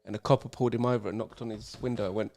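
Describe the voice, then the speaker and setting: A man's voice: on the low side, fairly even intonation, very fast, a little mellow. A young man co-hosting a podcast, telling rambling, sweary stories in casual banter and laughing often. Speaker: podcast co-host.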